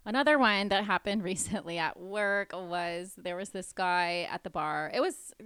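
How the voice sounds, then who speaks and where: A woman co-hosting a casual podcast, telling stories from her bartending work in an animated way and acting out what people said. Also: lowish voice, moderate pace, clear, resonant tone. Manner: animated, acts out quotes with laughter. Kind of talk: casual chat and storytelling.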